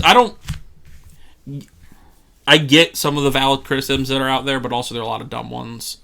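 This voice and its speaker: A man's voice: mid-range voice, steady tone, fairly quick, creaky, sharp tone. A man co-hosting a casual review show, rambling and restarting his sentences, laughing often. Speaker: podcast co-host.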